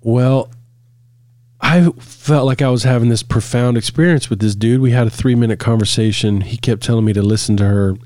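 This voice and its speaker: A man's voice: mid-range voice, moderate pace, no echo, clean studio sound. A man, a couples therapist, talking casually on a podcast and telling stories with frequent laughs. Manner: relaxed storytelling, laughs often.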